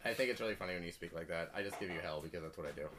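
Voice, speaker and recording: A man's voice: sits low, racing, background noise. A man from Oklahoma, a podcast guest, teasing the host with dry banter. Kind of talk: casual chat.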